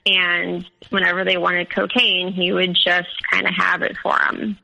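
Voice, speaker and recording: A woman recounts her own story as an interview guest. Her voice is bright and a little tense, with a gravelly fry running through it. She talks hesitantly, circling back with many fillers and restarts. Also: on the low side, completely flat delivery, unhurried, low-quality recording.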